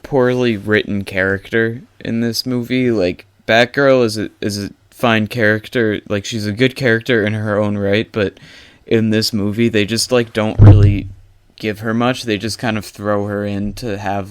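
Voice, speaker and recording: Male podcast co-host, low and smooth, laid-back and teasing. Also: no room sound. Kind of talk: casual podcast chat.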